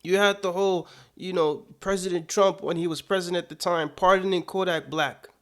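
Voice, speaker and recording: A man's voice: sits high, steady tone, a little fast. Indignant man firing rhetorical questions. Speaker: political commentator. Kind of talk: casual commentary.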